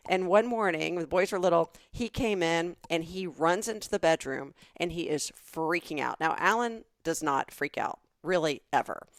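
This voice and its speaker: A middle-aged woman with a Southern American accent speaks in a somewhat low voice, recorded dry and close. She builds her anecdotes with animated detail, as a comedy podcast co-host. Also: normal speed, few pauses, no echo. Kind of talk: casual comedic chat.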